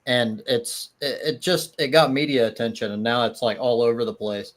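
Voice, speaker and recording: A man's voice: medium pitch, fairly even intonation, moderate pace. Hesitant man arguing a point. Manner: hesitant, many restarts and fillers, laughs at the idea of souls. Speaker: atheist guest in a live-stream debate. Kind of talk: casual debate chat.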